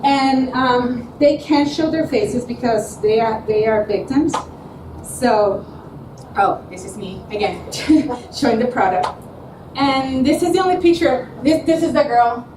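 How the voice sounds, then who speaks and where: High-voiced woman presenting in an echoey room. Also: a little slow, background noise. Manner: animated storyteller, laughs often, acts out quotes. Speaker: student presenter. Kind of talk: presentation at a student showcase. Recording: echoey room, mic from far off.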